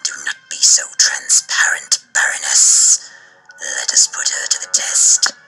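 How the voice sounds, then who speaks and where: An actor playing a hissing, imperious masked villain commander in a cartoon, speaking in a hushed, hissing way. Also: male voice, measured pace, in a whisper, soft background music, low-quality recording. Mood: scheming. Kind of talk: cartoon voice acting.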